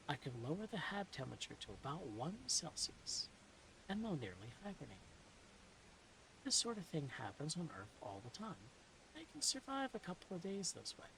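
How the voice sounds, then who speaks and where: A woman reading a novel aloud in a soft-spoken ASMR style, slipping into whispers now and then, with dry, deadpan humor. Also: fairly low pitch, background noise. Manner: soft, dips into whispers at times.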